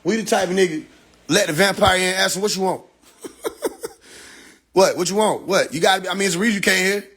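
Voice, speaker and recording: Man, husky, slightly high-pitched, brash and profane, phone livestream rant. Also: fairly quick, long pauses, fairly bright tone. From Atlanta. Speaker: livestream host.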